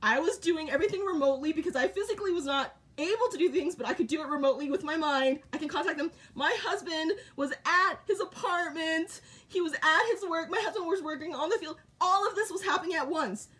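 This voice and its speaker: High-voiced woman in short blunt sentences. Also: quick pace, fairly bright tone. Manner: short, repetitive declarative sentences. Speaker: vlogger. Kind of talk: casual monologue to camera.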